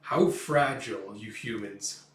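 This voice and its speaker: A man's voice: lowish voice, fairly bright tone. Man doing a sneering monster count. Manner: sneering, slow and contemptuous. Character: monstrous male count, cruel and gloating. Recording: roomy, distant mic.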